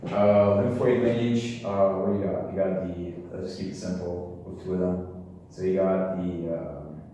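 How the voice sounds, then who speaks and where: Tired young guy mumbling through med stuff at a chalkboard, dark mellow voice, faint hiss, lots of room echo. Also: low voice, steady tone, moderate pace. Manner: rambling, joking to himself, trailing off mid-sentence. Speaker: medical student explaining concepts at a chalkboard. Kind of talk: casual thinking-aloud lecture. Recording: very echoey room, mic far off, faint hiss.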